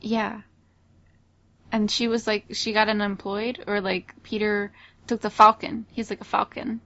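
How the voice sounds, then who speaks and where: A woman co-hosting a podcast, retelling things haltingly with lots of fillers. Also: mid-range voice, flat delivery, fairly bright tone, dry recording. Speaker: podcast co-host. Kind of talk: casual stoner chat. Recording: dull lo-fi sound.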